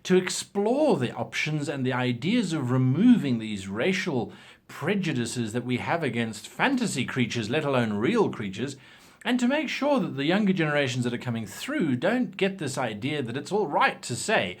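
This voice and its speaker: A man's voice: mid-range voice, normal speed, husky. A man giving game-master tips in a casual, opinionated talk, acting out examples as he goes. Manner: animated, opinionated, acts out examples.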